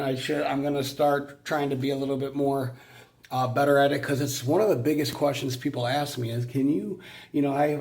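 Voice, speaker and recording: A man vlogging casually about his exterminator job, rambling and swearing, filling every pause with "you know", overheated and sweaty from the heat. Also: on the high side, darkish tone. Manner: rambling, profane, says "you know" constantly.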